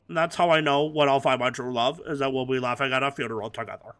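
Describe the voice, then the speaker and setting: Male gamer commentator, slightly higher voice, rambling absurd crude humor, mumbles then bursts out loud. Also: fairly even intonation, moderate pace. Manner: swings between mumbling and loud outbursts. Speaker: gaming commentator. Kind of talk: let's play commentary.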